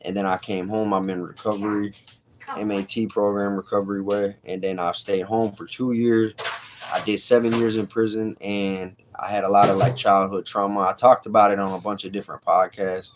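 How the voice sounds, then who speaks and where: A man's voice: fairly low pitch, little pitch movement, moderate pace, noisy background. A man hosting a casual livestream, talking bluntly in street slang and answering chat. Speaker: livestream host.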